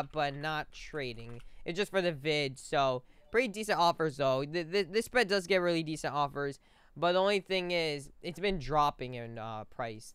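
A man's voice: fairly high pitch, bright, forceful tone, clear, resonant tone, dry recording. A man giving casual gameplay commentary as a video host, rambling, tripping over numbers and calling everyone "bro".

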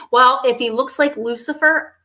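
A woman's voice: mid-range voice, a bit bright. A woman hosting a casual chat, talking in a rambling, chatty way and laughing often. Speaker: host.

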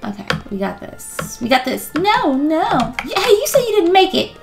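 A woman's voice: high-pitched, big pitch swings, moderate pace, gravelly. A woman playing a video game with her daughter, chatting casually, giggling, and yelping and squealing at the scary parts. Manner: giggly, playful, yelps and squeals at scares. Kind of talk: casual gameplay chat. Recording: game music playing behind the voice. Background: game music.

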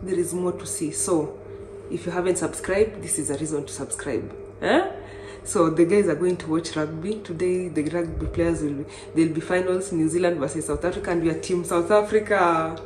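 A woman's voice: lowish voice, a little fast. Chatty Kenyan woman vlogging road trip. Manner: chatty and excitable, with bursts of exclamation. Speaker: travel vlogger. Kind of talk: casual travel vlog narration. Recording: echoey room with faint noise.

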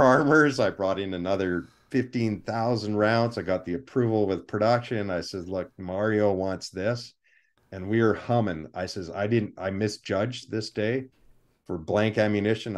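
Low-voiced man telling lively stories. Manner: animated anecdotes, acts out quoted people. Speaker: film armorer, guest. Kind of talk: storytelling interview.

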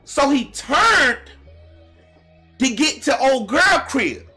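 A young man telling a story straight to his viewers, animated and profane, now and then breaking into shouts. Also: extremely high pitch, takes it slowly, soft background music. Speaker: vlogger telling a personal story. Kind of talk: casual storytime monologue to viewers.

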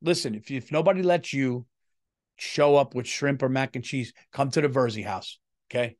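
A man's voice: medium pitch, normal speed, no echo, clean studio sound. A middle-aged man, hosting his comedy podcast in a casual, profane rant and feeling unwell. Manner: profane, animated, swings loud and quiet.

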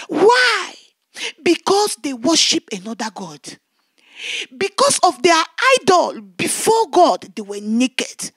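Very high-voiced woman evangelist, pleading. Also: very animated, slow pace, fairly bright tone, no room sound. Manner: emotional, pleading, with many repeated words. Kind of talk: testimony preaching.

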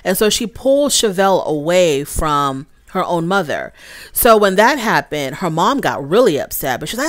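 A woman's voice: lowish voice, very animated, moderate pace, no room sound, studio quality. A woman hosting a casual recap of a reality show, chatting straight to her viewers and acting out what the cast said. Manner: chatty, addresses viewers as y'all, acts out quotes.

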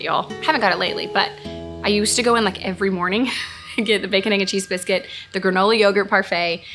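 A woman from Texas with a gravelly, medium-pitched voice hosts a casual Q&A chat, with music playing in the background. She is earnest and gushing and tends to repeat phrases.

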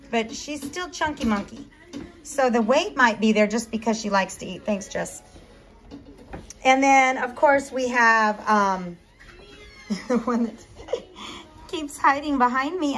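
A woman with a slightly higher voice chats casually to the camera as a dog breeder. She talks warmly and loosely, breaking off to coo at the puppies in a sing-song tone. Soft music plays faintly behind her. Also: poor audio. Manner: chatty, coos in a higher voice to the puppies.

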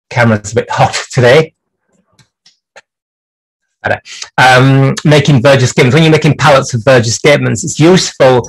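A gravelly, slightly rough medium-pitched voice guides a live workshop demonstration on clock repair. Working at his bench, the man rambles and thinks out loud, and the recording quality is poor.

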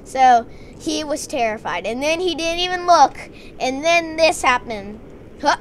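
Lady narrating her game story, slow, dramatic, faint room hum. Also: sits high. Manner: excited storytelling, doing dramatic voices for the characters.

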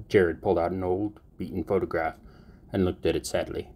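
A man narrating a fan fiction audiobook in a steady, even storytelling manner. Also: deep voice, a little fast.

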